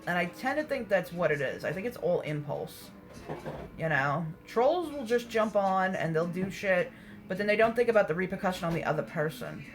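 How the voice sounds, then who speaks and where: A woman's voice: fairly low pitch, very animated, normal speed, faint music behind, poor audio. A woman hosting a casual livestream, answering viewer comments in a candid, blunt way, swearing freely and laughing often. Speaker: livestream host.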